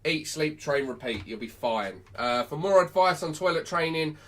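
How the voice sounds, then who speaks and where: A man's voice: a little high, moderate pace, fairly bright tone. A man, a dog trainer giving blunt, sweary advice on a live stream.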